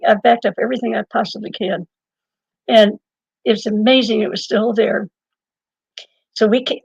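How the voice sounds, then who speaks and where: An older woman being interviewed, telling a long personal story in a lively way, laughing now and then and restarting her sentences. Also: medium pitch, gravelly, breathy edge, dry recording, lo-fi sound. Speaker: interview guest and author. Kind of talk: conversational storytelling.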